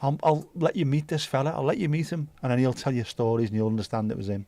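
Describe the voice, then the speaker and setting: A man's voice: mid-range voice, fairly even intonation, quick pace, dark tone, no room sound. A man hosting a livestream, chatting casually and swearing freely while reacting to viewer comments. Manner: laid-back, sweary banter. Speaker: livestream host.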